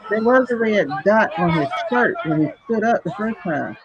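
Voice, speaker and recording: A woman's voice: medium pitch, normal speed, highs cut off, background noise. A woman hosting a livestream who comments on a news clip in casual, exasperated talk. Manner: animated, exasperated, laughing, talks back to the screen. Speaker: livestream host reacting to a video.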